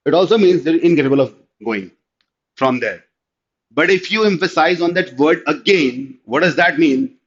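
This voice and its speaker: Indian male tutor, online lecture, higher voice, keeps checking "clear?", dull lo-fi audio. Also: expressive, moderate pace. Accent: Indian English. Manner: explanatory, checks understanding with repeated "clear?", mixes in Hindi. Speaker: teacher.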